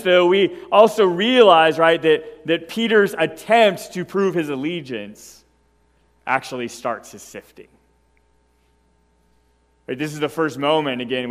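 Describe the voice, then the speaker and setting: A man preaching a sermon as pastor, emphatic and animated, who keeps checking in with the congregation by asking "right?". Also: fairly high pitch, big-room sound. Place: church sanctuary.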